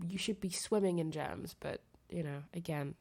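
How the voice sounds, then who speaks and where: A young audio creator, nasal and feverish, speaks softly and intimately in a girlfriend phone-call role-play, giggling and trailing off often. Her voice is low and gravelly, at a normal speed.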